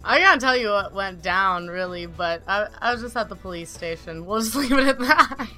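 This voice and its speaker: A woman co-host with a bright, sharp voice, blunt and crude in her banter. She giggles between lines, and faint music plays underneath. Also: medium pitch, expressive, moderate pace. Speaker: podcast co-host. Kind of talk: casual chat.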